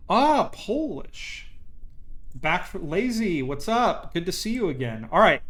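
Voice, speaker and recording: A man's voice: a little high, big pitch swings, moderate pace, hardly any pauses, a bit bright. A young man casually commentating his gameplay live, chatting to viewers and cheering on his rocket aloud. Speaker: game streamer.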